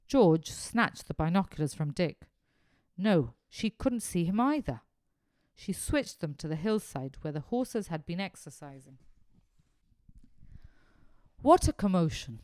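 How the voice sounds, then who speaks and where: A woman narrating a children's adventure story in an expressive, animated reading. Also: fairly low pitch, a little slow, pauses often, no echo, studio quality.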